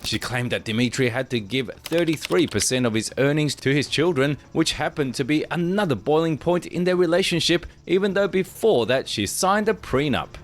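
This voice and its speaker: A man narrating a documentary script in an even, formal read-out delivery. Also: fairly high pitch, moderate pace, few pauses.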